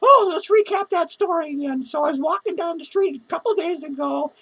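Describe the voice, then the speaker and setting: Squeaky-voiced drunk clown, male, self-pitying and foul-mouthed, slurred comic rant. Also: fairly quick, a bit bright, low-quality recording. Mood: drunk rambling. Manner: slurred, rambling, profane, giggling. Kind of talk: comedic character monologue.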